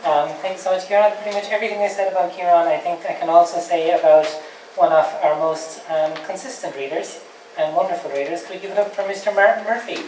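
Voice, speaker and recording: A woman with a fairly low voice hosts a pub open mic, introducing readers casually and pausing on fillers. She sounds roomy and a little distant, with noise around her. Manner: friendly, with filler pauses. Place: pub function room.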